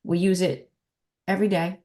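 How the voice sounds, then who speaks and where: A woman with a New Jersey accent hosting a podcast as a dog trainer, explaining in an emphatic, lively teaching manner. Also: fairly low pitch, moderate pace. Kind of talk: casual podcast talk.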